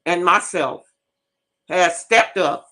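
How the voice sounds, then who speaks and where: In a lowish voice and at a slow pace, a woman host and teacher tells a spirited, swear-filled story in casual live chat, repeating things as she goes.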